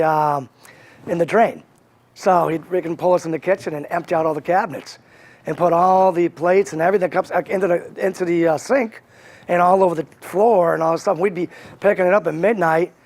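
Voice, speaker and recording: A man as an interview guest, recounting his past in a halting way with many fillers and restarts. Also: high voice. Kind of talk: candid interview storytelling.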